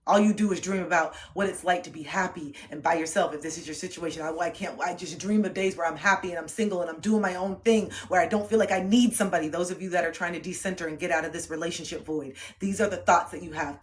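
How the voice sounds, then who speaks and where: A woman's voice: fairly low pitch, fast, hardly any pauses. A young woman livestreaming an intense motivational pep talk, preachy and full of swearing.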